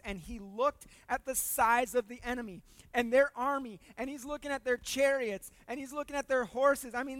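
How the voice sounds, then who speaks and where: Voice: high-pitched, no room sound. Casual, joking preacher with a dry sound. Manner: casual and humorous, repeats words when emphasizing; swings between loud emphasis and hushed asides. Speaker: pastor. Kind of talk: conversational sermon.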